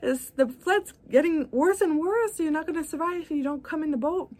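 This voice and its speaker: A woman's voice: high-pitched, moderate pace, darkish tone, voice pushed up, natural voice. A woman voicing an urgent man in a motorboat, pleading with someone to get in as she retells a parable. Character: frantic male rescuer in a motorboat.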